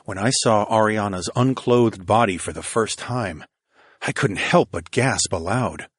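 Deep, husky male audiobook narrator. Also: no room sound, clean studio sound. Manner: slow, intimate, steady storytelling. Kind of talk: first-person erotic audiobook narration.

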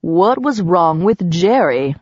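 A woman's voice: on the low side, big pitch swings, slow pace, darkish tone, no room sound, highs cut off, heavily acted. A woman reading aloud, voicing a bold, teasing young woman who works as a fortune teller. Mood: wisecracking. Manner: bold and wisecracking.

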